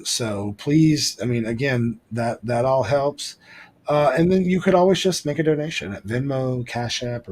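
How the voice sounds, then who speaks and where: Guy co-hosting a live stream, mid pitch, lots of ums and uhs, just rambling along casual. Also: slightly rough, low-quality recording. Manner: rambling with many fillers and restarts. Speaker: podcast co-host. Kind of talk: casual livestream chat.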